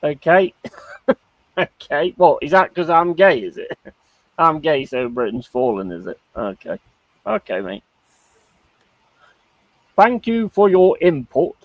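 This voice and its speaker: A British streamer hosts a live stream in a laid-back, chatty way, reading chat comments aloud, swearing, and laughing easily. His voice is on the high side and unhurried, with frequent pauses, captured on a streaming mic in a dry, lo-fi recording.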